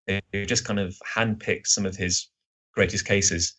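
A man in his thirties chats casually as a podcast guest, his low voice a little husky. He rambles and hedges, full of ums and self-deprecating asides. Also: steady tone, a little slow, bright, forceful tone. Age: 30s. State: slightly husky.

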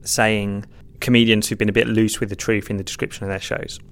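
A man's voice: lowish voice, little pitch movement, brisk, fairly bright tone. A man, a stand-up comedian, giving candid, self-deprecating and rambling answers in a podcast interview.

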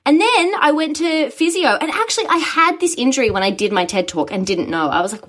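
A young woman, a guest chatting casually in an interview, telling stories in an animated way with frequent laughter. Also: high-pitched, a little fast, hardly any pauses. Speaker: guest, musical writer.

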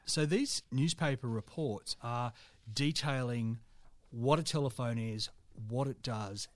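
A man's voice: mid-range voice, slow pace, no room sound. Male podcast co-host, jokey, reads archive items; dry close-miked sound. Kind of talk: casual history chat, reading old news aloud.

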